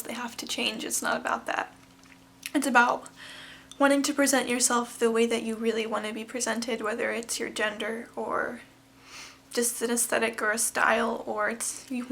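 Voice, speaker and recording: A woman's voice: on the high side, gravelly, fairly bright tone, slight background noise. A woman in her twenties, talking candidly and emotionally to camera as she retells a personal story. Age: 20s. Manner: candid, emotional, quoting others in retold dialogue. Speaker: vlogger.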